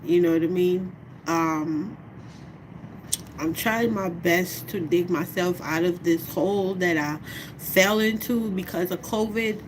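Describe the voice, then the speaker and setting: Slow-talking woman venting in a vlog. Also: on the low side, background noise. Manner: slow, heartfelt, conversational, often asks "you know what I mean". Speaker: vlogger. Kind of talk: personal vlog monologue.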